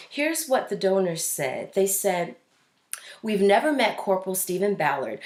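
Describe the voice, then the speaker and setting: A woman's voice: fairly low pitch, echoey room. Chatty woman hosting a news show. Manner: chatty, with fillers and restarts. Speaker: host. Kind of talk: casual news commentary.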